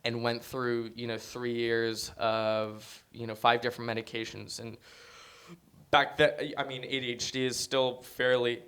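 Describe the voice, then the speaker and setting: Young male guest, lively storyteller, smooth clear voice. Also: mid-range voice, measured pace. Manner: animated storyteller, acts out quotes. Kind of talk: casual interview chat.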